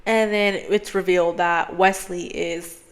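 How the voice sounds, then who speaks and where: A woman's voice: lowish voice, a little slow. A young woman hosting a podcast, casually retelling a film's plot in a rambling way, full of "like" and swearing and acting out the characters. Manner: rambling, heavy on "like", frequent swearing; animated storyteller who acts out characters' lines. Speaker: podcast host.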